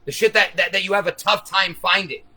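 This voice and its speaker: A man's voice: high voice, steady tone, brisk, pushed and bright, slightly rough, rough recording. A man hosting a long livestream, talking straight to his viewers in a profane, rambling, conspiratorial monologue. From United States. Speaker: livestream host.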